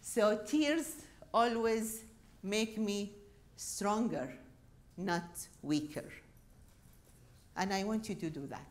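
A middle-aged woman with a Qatari Arabic accent giving a university lecture, with Arabic as her first language. She talks in a chatty, animated way and laughs often. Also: mid-range voice, takes it slowly, long pauses. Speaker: guest speaker. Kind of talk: public lecture.

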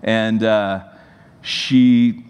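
A man's voice: on the low side, very slow, clear, resonant tone. Man in his forties preaching in a reverberant hall. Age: 40s. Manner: conversational, animated storytelling. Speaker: pastor. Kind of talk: sermon. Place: church sanctuary. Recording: long reverb of a large hall.

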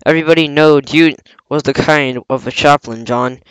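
A man's voice: a little high, fairly even intonation, moderate pace, fairly bright tone, clean tone, no room sound, natural voice, rough recording. A man reading aloud, voicing an impatient, surly pirate coxswain who growls his lines. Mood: gruff.

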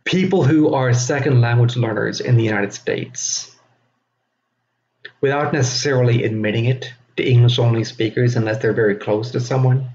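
A man giving a recorded teaching lecture, speaking slowly and deliberately with frequent fillers. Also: mid-range voice, a little mellow. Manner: slow, deliberate, self-aware delivery with frequent fillers. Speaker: instructor. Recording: dull lo-fi recording with faint noise.

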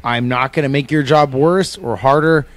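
A man's voice: medium pitch, normal speed, no room sound. A man telling a heated, profane story in casual chat among friends.

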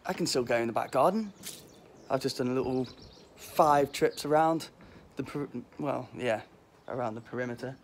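Walking outdoors through a windy back garden, a Liverpool man in his twenties hosts a vlog, joking and chatting in a cheeky, rambling, self-mocking way. His voice sits at medium pitch with a mild Liverpool accent, recorded on a phone he holds as he walks, with faint wind noise.

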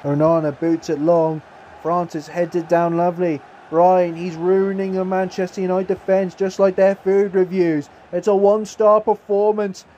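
A man commentating his own football video game career, jokey and excitable. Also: sits high, moderate pace, muffled recording, slight background noise. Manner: excitable, jokey, says literally a lot. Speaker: gaming YouTuber.

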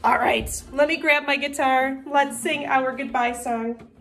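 A woman teacher reading a picture book aloud to young children in an expressive storybook manner. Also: high voice, measured pace.

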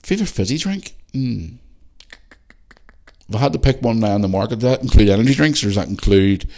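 Chatty man, lowish voice. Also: animated, brisk, darkish tone. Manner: rambling, chatty, swears freely. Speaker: podcast host. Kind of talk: casual solo podcast chat.

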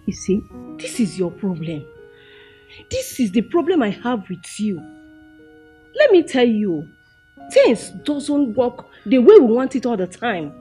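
A woman's voice: on the high side, very animated, a little slow, pauses often, mellow. An actress with a Nigerian accent playing a persistent middle-aged mother who soothes and pleads with her daughter, with film music behind. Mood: coaxing. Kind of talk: Nollywood film acting.

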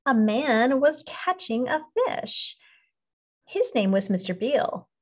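Expressive woman reading a picture book. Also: a little high, slow. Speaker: storybook reader. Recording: dull lo-fi recording.

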